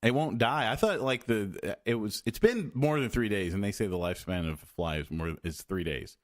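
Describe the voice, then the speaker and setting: A man hosting a podcast in casual chat, rambling and halting with lots of fillers and restarts. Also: on the low side, lively intonation. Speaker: podcast host.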